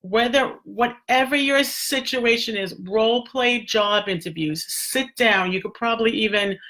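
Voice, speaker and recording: A woman's voice: a little high, measured pace, bright, forceful tone. A middle-aged woman, a speech therapist, giving casual advice in a chatty way with many fillers and restarts.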